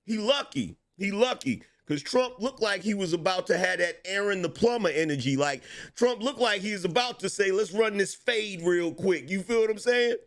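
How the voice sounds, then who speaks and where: A middle-aged man giving casual political commentary, telling it in animated street slang and laughing between lines. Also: high voice, moderate pace, hardly any pauses.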